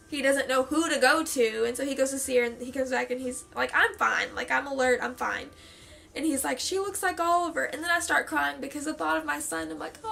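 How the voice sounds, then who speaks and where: A young adult woman casually telling her own story to camera, talking quickly with many fillers and acting out what others said. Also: high voice, gravelly. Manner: animated, quick, many fillers, acts out quoted voices.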